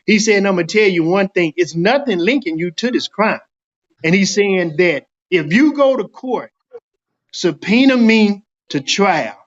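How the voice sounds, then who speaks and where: High-voiced man telling his story. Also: lo-fi sound. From Dallas, Texas. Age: middle-aged. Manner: animated storyteller acting out quoted dialogue. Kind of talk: casual storytelling interview.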